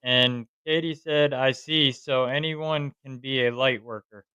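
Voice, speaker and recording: A man hosting a podcast, reading viewer comments aloud in a plain, steady way. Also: mid-range voice, measured pace, clean tone, dry recording. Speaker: podcast host. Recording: slightly dull lo-fi sound.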